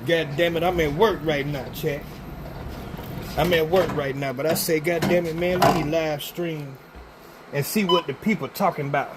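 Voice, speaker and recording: A man's voice: a little high, fairly even intonation, normal speed. A middle-aged man hosting a casual livestream on his phone while walking around at work. He rambles and keeps asking if listeners understand what he's saying. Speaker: livestream host. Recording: loud vehicle noise behind.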